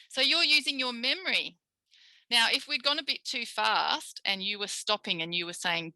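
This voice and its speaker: A woman with an Australian accent leads a live online speech therapy tutorial. Her voice is very bright and sits close on a dry, unreverberant mic. She models single sounds and cheers her listeners on like small children. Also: mid-range voice, moderate pace, no room sound, low-quality recording. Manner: demonstrates speech sounds, coaxing and praising like with young children. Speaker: speech pathologist teaching a tutorial.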